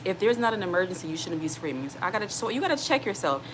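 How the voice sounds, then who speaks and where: A woman in her thirties with a fairly low voice speaks earnestly and directly to her viewers, giving casual advice. Clear background noise sits under her voice throughout. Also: big pitch swings, very fast. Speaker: single mom vlogger.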